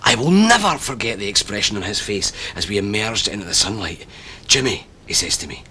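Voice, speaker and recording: A man's voice: on the low side, animated, brisk, pushed and bright, a little hiss or hum. An actor playing a wry, middle-aged Glasgow man with a Glaswegian accent who tells dry, witty stories. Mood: wistful. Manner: wry, storytelling, dry wit. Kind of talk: TV comedy drama acting.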